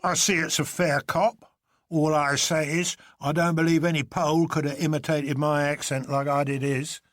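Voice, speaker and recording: A man voicing a cool, cheeky detective with a clear, brisk Cockney accent. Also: a little high, little pitch movement, no room sound, clean studio sound, lightly acted. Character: cool, cheeky red-haired male detective.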